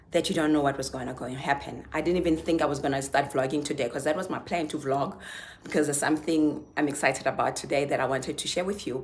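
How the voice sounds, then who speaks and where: A young adult woman telling a story in a chatty, emotional way to her vlog audience. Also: low voice. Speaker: vlogger.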